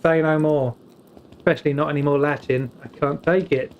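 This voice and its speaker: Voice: medium pitch, fairly even intonation, brisk, muffled recording, background noise. A British streamer playing a story game, reading its dialogue aloud and tossing in casual, wry asides while stumbling over names.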